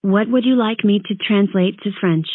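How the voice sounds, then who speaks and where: A female synthetic voice playing a cartoon hippo in a kids' coding project, talking in flat computerized speech at an even, evenly paced clip. She sits at a middling pitch. She plays back tinny and phone-like, as if through a small speaker. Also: normal speed, close to an everyday voice.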